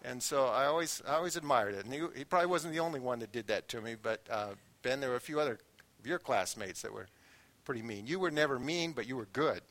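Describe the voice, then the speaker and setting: A man's voice: mid-range voice, fast. A middle-aged man preaching a sermon in a church, telling folksy anecdotes and acting out the people in them. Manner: folksy anecdotes, animated quoted voices. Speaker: guest preacher. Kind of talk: sermon with storytelling.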